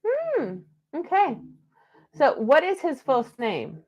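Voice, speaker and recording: A woman's voice: high-pitched, wildly swooping pitch, slow pace. Woman with a put-on Southern belle drawl. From US Pacific Northwest. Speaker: live card reader. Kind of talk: live-stream psychic reading.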